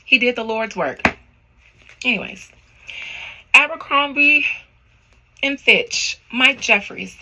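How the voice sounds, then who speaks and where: Woman tarot reader, gravelly and bright-edged; casual slangy rambling straight to camera. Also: fairly high pitch, animated, takes it slowly, long pauses, rough recording. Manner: rambling, slangy, talks to viewers directly. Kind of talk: casual spiritual reading vlog.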